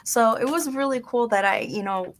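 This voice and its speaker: A woman's voice: a little high, lively intonation, normal speed. A woman in her thirties telling stories in casual talk on a radio show, dropping Spanish phrases into her English. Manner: chatty storytelling with Spanish phrases mixed in. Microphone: studio microphone.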